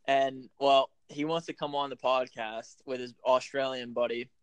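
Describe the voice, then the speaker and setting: A man's voice: medium pitch, flat delivery, normal speed, smooth, no echo. A man hosting a casual podcast, loose and profane, laughing often between remarks. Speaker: podcast host.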